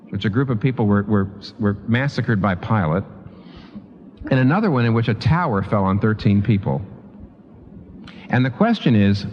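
A man delivers a sermon with very lively, swooping intonation, climbing high on his strongest points and dropping low to let a thought land. His talk is conversational and full of restarts and asides. The sound is dull and lo-fi, carried by the long reverb of a large hall. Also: a little hiss or hum. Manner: lively, emphatic preaching with rising pitch on key points. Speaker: preacher.

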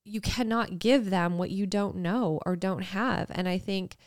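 A woman's voice: medium pitch, measured pace, no echo, studio quality. A woman in her thirties co-hosting a casual faith podcast, talking earnestly and reflectively with frequent "like" fillers. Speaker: podcast co-host.

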